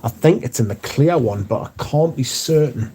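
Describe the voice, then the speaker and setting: A man's voice: medium pitch, lively intonation, normal speed, dark tone, a little hiss or hum. A man hosting a casual livestream, chatting loosely and muttering and swearing to himself as he goes. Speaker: livestream host. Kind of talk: casual livestream chat, reading out viewer comments.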